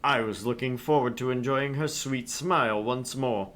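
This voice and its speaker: A man reading a courteous, scheming wealthy arcade tycoon in a slow, measured and polished way. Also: medium pitch, a bit bright, pitched above the performer's own voice, close to an everyday voice. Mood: smooth.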